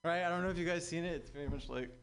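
A man's voice: on the high side, rapid-fire, fairly bright tone. Young man doing casual stand-up. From Southern California. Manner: conversational, wry, addresses audience as guys. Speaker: stand-up comedian. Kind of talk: stand-up comedy set. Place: live comedy venue with audience.

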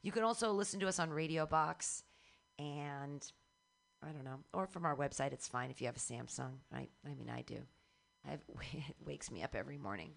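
A woman's voice: low-pitched, normal speed, vocal fry. A woman hosting a radio show, chatting casually and giving comedy feedback with lots of laughter. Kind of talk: casual comedy workshop chat.

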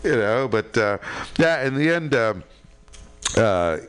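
A man's voice: medium pitch, big pitch swings, takes it slowly, a bit bright, smooth. A middle-aged American man from California, chatting casually and rambling with lots of fillers. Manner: rambling, full of fillers and "you know". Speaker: radio show co-host. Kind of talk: casual chat.

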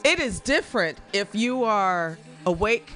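A woman's voice: medium pitch, sing-song, unhurried, a bit bright, faint music behind. Frank, swearing woman in casual talk. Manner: frank and loose, swears freely and leans on "you know". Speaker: radio show co-host. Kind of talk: casual chat.

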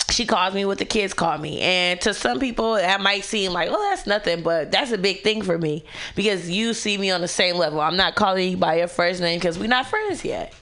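A woman's voice: lowish voice, a bit bright. A young woman co-hosting a radio talk show, chatting candidly and animatedly in slangy, casual speech. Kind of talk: casual chat.

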